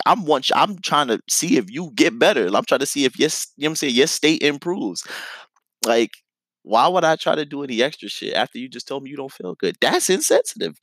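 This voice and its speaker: A man's voice: medium pitch, fairly bright tone, dry recording. A young man telling a story in a casual, profane, slang-heavy way, full of filler phrases.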